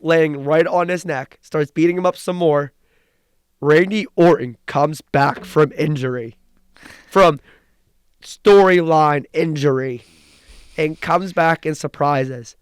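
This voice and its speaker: A young man co-hosting a podcast, recapping wrestling in an excited, rambling way with frequent restarts. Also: a little high, clear, resonant tone, no room sound, studio quality. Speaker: podcast co-host. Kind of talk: casual chat.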